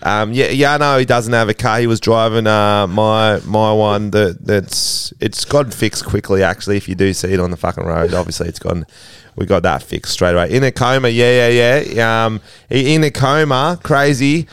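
A man doing a foul-mouthed English bloke who rambles, swears and fumbles for words in a raised, lively voice. He sounds clear and smooth, close and dry. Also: on the low side, moderate pace, few pauses, no room sound, natural voice. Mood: crude, rambling. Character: crude rambling English man, a brother giving bad news. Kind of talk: improvised comic voicemail bit.

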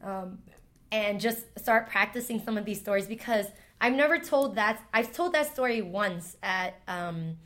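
A woman's voice: mid-range voice, a little slow, a bit bright. A woman, a former teacher, telling a heartfelt personal story in an interview, emotional and full of "like" fillers.

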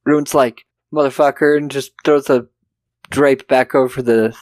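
A man's voice: medium pitch, steady tone, measured pace, darkish tone, dry recording. A man co-hosting a casual film review podcast, swearing freely and acting out characters' lines as he recaps. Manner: profane, jokey, acts out characters' lines. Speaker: podcast co-host.

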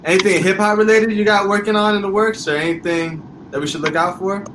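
A man hosting a casual chat over a video call, slangy and quick to laugh. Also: high voice, steady tone, background noise. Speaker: host.

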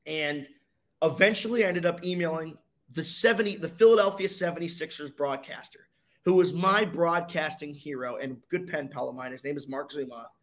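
A young man sits as a guest and tells his story the way a natural storyteller does. He builds drama, pauses for effect and pulls his listener along. His voice sits a little on the high side. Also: fairly bright tone. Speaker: guest, racing driver. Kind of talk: storytelling in a casual interview.

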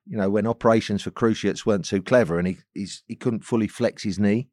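A man, a podcast guest telling anecdotes in a chatty, chuckling way that sinks into low asides. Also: fairly quick, darkish tone, no echo, clean studio sound. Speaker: podcast guest, former footballer. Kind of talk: casual storytelling chat.

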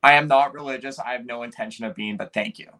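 A man's voice: mid-range voice, quick pace, sharp tone. A man co-hosting a podcast, chatting casually and hesitantly, often restarting while searching for words. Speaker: podcast co-host.

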